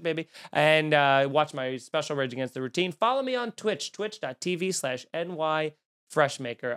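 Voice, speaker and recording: A young man, a comedian hosting his podcast, telling a story as a profane, exasperated rant and acting out the quotes loudly. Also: a little high, clear, resonant tone. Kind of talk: animated comic storytelling rant.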